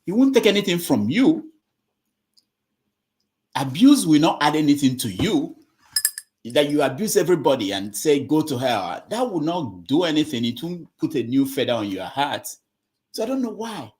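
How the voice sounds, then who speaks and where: A man's voice: fairly high pitch, very animated, normal speed, a little mellow. A middle-aged man hosting an online discussion, lecturing and scolding listeners while repeating himself. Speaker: host moderating an online discussion. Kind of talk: casual moderating talk.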